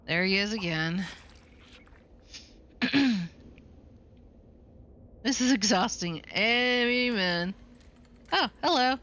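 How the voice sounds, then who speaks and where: A woman streamer in casual game commentary, tossing off playful, deadpan quips. Her voice is bright and sits mid-range. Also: medium pitch, drawn-out words, pauses often, lo-fi sound.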